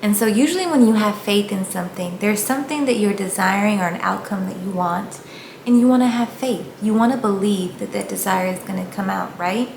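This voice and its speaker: Earnest woman with a gravelly edge. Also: medium pitch, brisk, a little mellow. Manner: earnest, encouraging, addresses viewers directly. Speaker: faith vlogger. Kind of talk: casual motivational talk to camera. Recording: echoey room with faint ambient noise.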